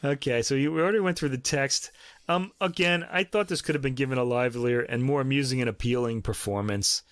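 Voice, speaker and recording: A man in his fifties with a New York accent talks through recordings in casual podcast chat. He rambles and hesitates with ums and restarts, and he laughs often. His mid-pitched voice sits close to the mic in a dry, dead room. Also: brisk, fairly bright tone, clean tone, dry recording. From New York City. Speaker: podcast host. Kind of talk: casual music review chat.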